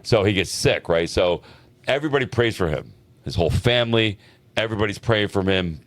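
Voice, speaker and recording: A man with a lowish voice tells a story at a rapid clip, casual and animated, peppering it with swearing and "right?". The sound is dry and close with no room echo. He hosts an advice podcast. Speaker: podcast co-host.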